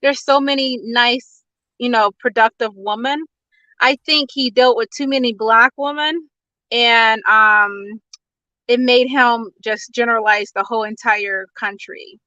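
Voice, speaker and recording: A woman's voice: fairly high pitch, fairly even intonation, a little slow, bright, forceful tone, no room sound, dull audio. An out-of-breath woman giving blunt opinions in a casual chat, talking over the other speaker. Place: in her car on a work break.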